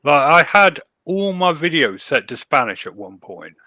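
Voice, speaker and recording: A man's voice: fairly high pitch, very animated, moderate pace, pushed and bright, no echo. A man co-hosting a podcast in casual chat, easygoing and prone to rambling explanations. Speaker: podcast co-host.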